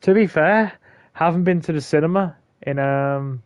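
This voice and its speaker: A man's voice: on the high side, normal speed, clean tone, no echo, highs cut off. A man co-hosting a gaming stream, joking and reading chat aloud. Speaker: game stream co-host. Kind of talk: casual gaming commentary.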